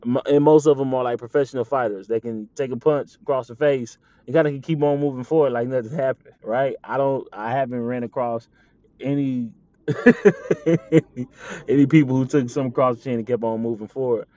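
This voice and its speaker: Animated podcast host, teasing and laughing. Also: male voice, mid-range voice, fairly quick, no echo. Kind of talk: casual monologue podcast. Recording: slightly dull lo-fi audio with faint background noise.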